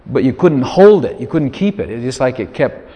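In a long, reverberant hall, a man preaches an informal sermon in a folksy, conversational way, often dropping asides and lots of "you know" to his listeners. His mid-range voice is very animated and dark in tone, and he moves at a moderate pace. He acts out quoted prayers in a raised voice.

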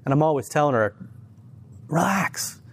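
A man's voice: medium pitch, moderate pace, a little hiss or hum. Earnest man telling faith stories. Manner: earnest, animated, many restarts. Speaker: church teacher and speaker. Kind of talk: casual faith conversation, storytelling.

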